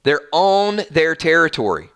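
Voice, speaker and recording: A man hosting an online show, giving casual commentary on a TV episode with animated delivery and frequent stammered restarts. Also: a little high, a little slow, gravelly, clean tone. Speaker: YouTube show host.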